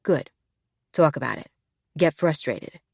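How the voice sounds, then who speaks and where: A woman voicing a protective ex-soldier man with a low, clipped delivery. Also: lively intonation, measured pace, creaky, slightly rough, no room sound, studio quality, exaggerated voice. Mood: intimate. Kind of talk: audiobook character voice.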